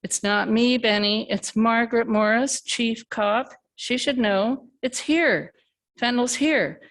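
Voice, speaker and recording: A woman reading a story aloud, voicing an angry young man who argues, swears and shouts. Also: very high-pitched, slow, exaggerated voice. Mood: heated.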